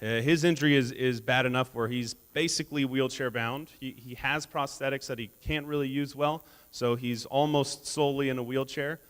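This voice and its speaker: Guy doing a keynote on a conference stage, jokey storyteller, mid pitch, big hall echo. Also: fairly even intonation, moderate pace, hardly any pauses, fairly bright tone, clear, resonant tone. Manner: humorous storytelling, laughs at his own jokes. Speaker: keynote speaker. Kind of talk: motivational keynote speech. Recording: long reverb of a large hall.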